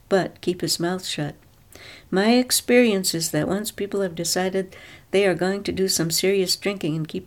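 A woman with a fairly low voice reads a novel aloud as an audiobook narrator. Her delivery is measured and even, and she carries the story steadily from line to line. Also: vocal fry.

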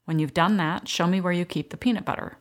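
A woman voicing a gentle young woman caring for twin girls, coaxing and warm with them. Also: fairly low pitch, quick pace, natural voice.

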